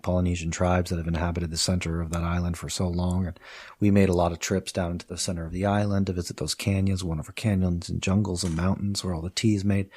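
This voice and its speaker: A man, a professor of Chinese, telling stories in a conversational podcast interview, laughing often and acting out the people he quotes. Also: sits low. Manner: lively storytelling, quotes people in put-on voices; laughs often while talking.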